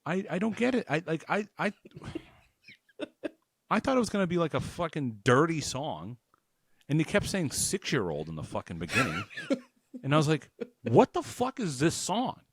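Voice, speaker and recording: A man's voice: a little high, very animated, normal speed, pauses often, slightly rough. A man co-hosting a comedy podcast, rambling through a story with swearing and laughter. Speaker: podcast co-host. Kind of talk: casual comedic chat.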